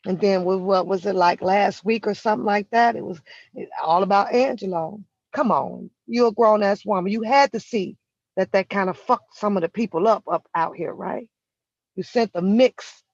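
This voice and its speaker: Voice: mid-range voice, no room sound. Profane confrontational vlogger ranting in a vehicle. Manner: profane and confrontational, drawn-out emphasis. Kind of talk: heated commentary rant. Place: inside a vehicle. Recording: dull, lo-fi and dry.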